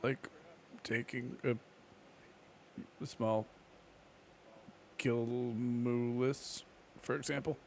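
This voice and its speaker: A man's voice: medium pitch, level tone, extremely slow, vocal fry, long pauses, slight background noise. A man playing a tabletop game, talking in a playful, hesitant, joking way. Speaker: player. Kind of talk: casual tabletop play.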